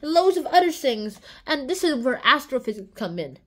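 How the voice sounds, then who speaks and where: A woman's voice: high-pitched, very animated, moderate pace. A woman narrating a science explainer in a playful way, breaking into little songs and silly voices. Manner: playful, jumps into sung bits and silly voices. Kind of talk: playful educational video narration.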